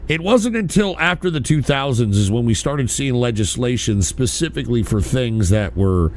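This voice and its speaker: Lively rambling man streaming. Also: medium pitch, moderate pace. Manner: rambling, profane, loose and conversational. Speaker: streamer reacting to a clip. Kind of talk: casual chat.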